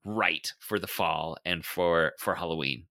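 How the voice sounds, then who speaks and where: A man's voice: low-pitched, unhurried, sharp tone, dry recording. A man talking as a podcast guest in casual chat, enthusiastic, laughing often and trailing off while he looks for words.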